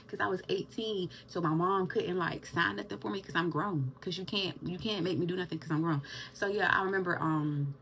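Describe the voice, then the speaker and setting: A young woman telling a personal story to camera in an animated, chatty way, calling her viewers y'all. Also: on the low side, fairly quick, creaky, slight background noise. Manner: animated, addresses viewers as y'all, Southern US slang. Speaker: vlogger.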